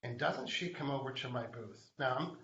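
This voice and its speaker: A man's voice: medium pitch, animated, normal speed, fairly bright tone, echoey room, lo-fi sound. Chatty man hosting a live show. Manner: chatty storyteller, speaking to viewers. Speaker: host. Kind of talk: live online show chat.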